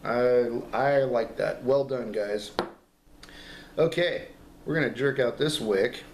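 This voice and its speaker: Coughing man reviewing in an echoey room. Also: mid-range voice. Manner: halting, repeats words, enthusiastic. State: fighting a lingering cough. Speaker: vape juice reviewer. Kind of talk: casual product review vlog. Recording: echoey room with background noise.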